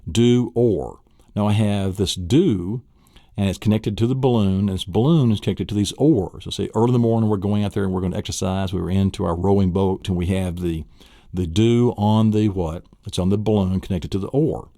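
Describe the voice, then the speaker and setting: A man walks through a spoken lesson on a memory technique, enthusiastically quizzing the listener with questions he then answers himself. His voice is on the low side and dark in tone, a little fast, recorded clean in a studio with no echo.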